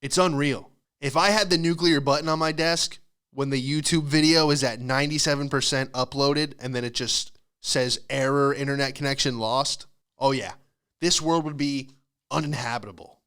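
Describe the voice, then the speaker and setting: Young male stand-up host, sarcastic ranting monologue, smooth resonant tone. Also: on the high side, fairly even intonation, fairly bright tone. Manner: sarcastic ranting, quick asides. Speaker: comedian and podcast host. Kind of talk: casual comedic monologue.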